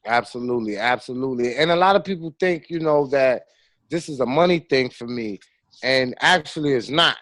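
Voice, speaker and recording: A man's voice: mid-range voice, brisk, no echo. A man, a filmmaker guest, talking casually and animatedly, full of slang and repeated fillers. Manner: animated storyteller with street slang. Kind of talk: casual conversation.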